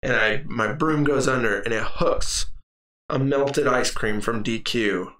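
A young man co-hosting a podcast, telling stories in a worked-up, animated way with plenty of swearing. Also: medium pitch, unhurried. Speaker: podcast co-host. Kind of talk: casual chat. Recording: echoey room, mic at a distance.

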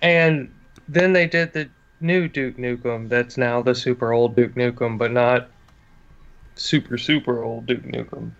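A man co-hosting a podcast, talking in an animated, incredulous way with plenty of swearing. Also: mid-range voice, measured pace, vocal fry. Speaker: podcast co-host. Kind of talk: casual podcast chat. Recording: slightly dull lo-fi sound.

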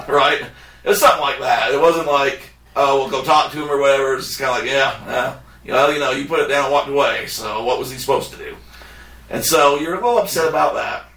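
A man's voice: mid-range voice, brisk, echoey room, far from the mic. A man hosting a podcast, telling a story in casual chat and acting out what others said. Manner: animated, acts out quotes of others. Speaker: podcast host.

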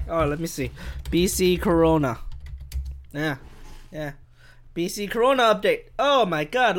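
A fairly bright, medium-pitched voice carries this solo podcast rant from a Vancouver home. The host rambles, swears and makes fun of himself, the handheld mic sitting too far from his mouth.

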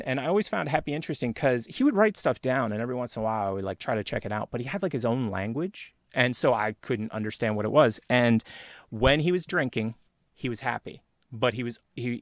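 A man's voice: mid-range voice, expressive, a little fast, no echo. A man in an easygoing conversation, telling an anecdote in a meandering, chatty way. His voice sits in a middle register and sounds close and dry, with hardly any room around it. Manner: rambling, laughs often, acts out quoted voices. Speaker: podcast host. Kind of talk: casual storytelling chat.

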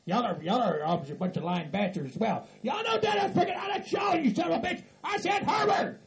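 A man voicing a paranoid, furious hillbilly who yells curses nonstop in a raspy, screeching voice. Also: extremely high pitch, expressive, moderate pace, some chatter behind, voice pushed up, full character voice. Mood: ranting. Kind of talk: hobby comedy skit acting.

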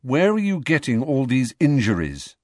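A man's voice: medium pitch, big pitch swings, normal speed, dry recording, studio quality, voice pushed up, natural voice. A man reading an audiobook, voicing a cautious teenage boy who speaks hesitantly.

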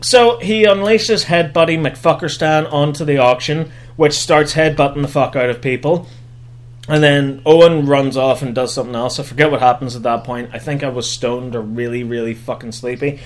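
A man recapping a movie comedically, animated and sarcastic, swearing heavily. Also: mid-range voice, normal speed.

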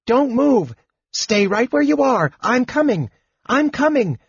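A man voicing a small, excitable old male kender, eager and breathless, in a squeaky high voice. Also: measured pace, husky, dry recording, muffled recording, exaggerated voice. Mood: eager shouting.

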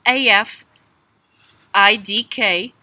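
A young woman reading quiz questions to friends, briskly spelling out letters. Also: mid-range voice, sharp tone, no room sound.

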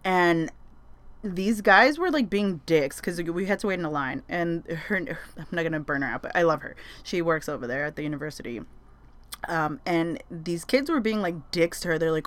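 A woman's voice: fairly low pitch, lively intonation, fairly quick, fairly bright tone. A young woman telling a story casually, chatty, with lots of fillers and frequent swearing. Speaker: vlogger sharing advice.

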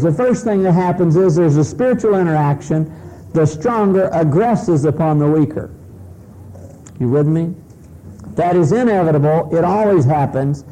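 A man's voice: fairly high pitch, mellow, poor audio. A man preaching a sermon in a humorous, conversational way, often asking the congregation questions.

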